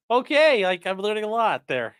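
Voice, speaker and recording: A man's voice: high-pitched, a bit bright, clear, resonant tone. A man hosting a casual live stream, reacting to news clips with sarcastic, rambling remarks and reading viewer chat aloud.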